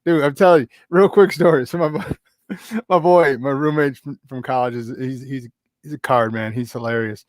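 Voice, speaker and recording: A young man hosting a casual sports talk show, joking and laughing a lot as he tells stories and acts out high-voiced quotes. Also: normal speed, a little mellow, no room sound. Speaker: radio sports talk host. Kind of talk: casual chat.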